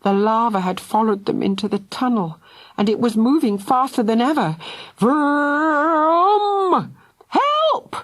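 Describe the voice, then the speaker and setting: A woman narrating a children's audiobook in a lively storytelling manner. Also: medium pitch, brisk, no room sound, clean studio sound. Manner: lively, voices each character.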